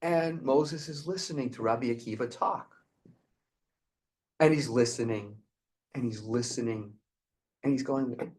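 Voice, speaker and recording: A man hosting and teaching, retelling a Talmudic tale as an animated storyteller. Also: mid-range voice, unhurried, pauses often. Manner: animated storyteller, frequent restarts.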